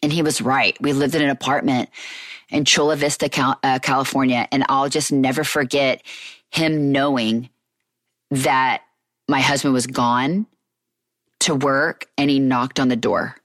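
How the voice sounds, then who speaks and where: A woman with a low, deep voice tells her own story as a casual, unscripted monologue. She talks candidly and rambles, restarting sentences and leaning on "like". The sound is dry and close. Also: fairly even intonation, measured pace, fairly bright tone, dry recording.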